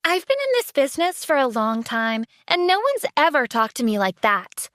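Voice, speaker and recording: A woman's voice: sits high, sing-song, moderate pace, a bit bright, no echo, studio quality, voice pushed up. A woman voicing a spoiled, arrogant celebrity influencer in an audio drama, speaking with haughty scorn. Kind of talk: audiobook character voice.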